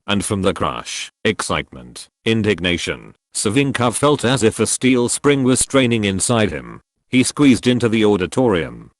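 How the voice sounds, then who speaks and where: Male narrator, audiobook, measured storytelling, expressive intonation, dry close mic. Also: fairly low pitch, dry recording. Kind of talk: scripted narration.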